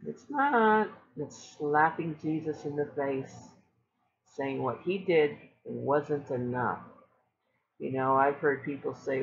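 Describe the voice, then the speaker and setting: A woman's voice: low voice, takes it slowly, gravelly, dull audio. A woman preaching casually to her viewers, earnest and emphatic, with repeated phrases for stress. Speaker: online Christian speaker.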